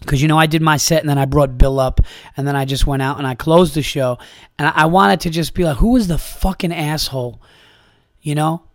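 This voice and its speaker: A man hosting a podcast, telling a rambling, profane comedy story in a casual, animated way. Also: fairly high pitch, fast, dry recording, clean studio sound.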